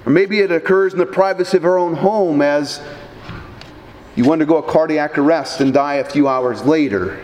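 A male pastor giving a funeral sermon, dramatic, swinging between loud emphatic highs and low quiet drops, firing rhetorical questions at the mourners. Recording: long hall reverb, faint background noise.

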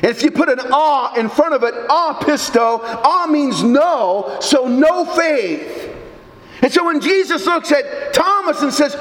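A pastor with a strikingly high voice delivers an animated sermon, tripping over his words and restarting often. His voice rings through a church with a long, roomy echo. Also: unhurried. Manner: animated preaching with stammered restarts. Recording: echoey church hall.

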